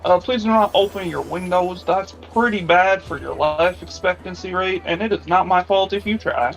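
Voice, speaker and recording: A man's voice: sits high, moderate pace, gravelly, soft background music. A man putting on the voice of a flight attendant making cabin announcements in a mock-formal way.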